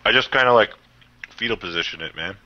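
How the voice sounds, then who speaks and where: A young man plays a tabletop game, hesitant and stammering, with laughs breaking through. His voice is fairly low and very bright. The recording sounds dull and lo-fi. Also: quick pace, no echo. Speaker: player. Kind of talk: tabletop role-play.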